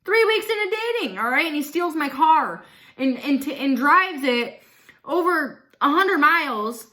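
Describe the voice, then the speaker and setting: Blunt, bright-voiced young woman. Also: high-pitched, lively intonation, measured pace. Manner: fills speech with "like", swears freely; blunt and outspoken. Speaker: vlogger. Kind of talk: casual storytime.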